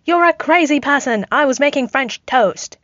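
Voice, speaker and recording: A woman voicing a grown man air force officer, exasperated and quick to yell, on a dull, lo-fi recording. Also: mid-range voice, no echo, natural voice. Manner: yelling, exasperated.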